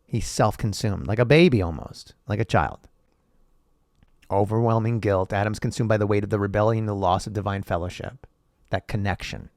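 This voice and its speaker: A man's voice: lowish voice, normal speed, a little mellow, no room sound, studio quality. A man hosting a podcast, reading old texts aloud and riffing on them in a profane, sarcastic, rambling way. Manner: profane, sarcastic, rambling, laughs at own jokes. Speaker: podcast host.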